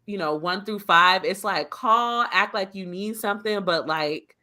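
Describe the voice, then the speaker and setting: Bright-voiced woman podcast co-host. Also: mid-range voice, a little slow. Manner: animated storyteller, acts out quotes. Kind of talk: casual chat.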